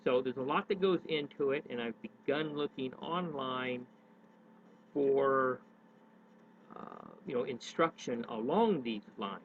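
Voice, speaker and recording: A man's voice: medium pitch, measured pace. A man talks unhurriedly through advice for his daily vlog, drifting and correcting himself as he searches for words. The sound is thin and tinny, like a phone line, with a faint hiss of noise underneath. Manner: rambling, self-correcting, many hesitations. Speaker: daily vlogger. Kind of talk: unscripted talk on public speaking.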